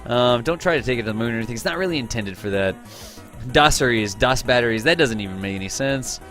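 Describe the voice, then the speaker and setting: A man's voice: medium pitch, animated, quick pace, fairly bright tone, faint music behind. A man hosting a live game stream, chatting casually with his viewers, greeting them by name, teasing them and laughing often.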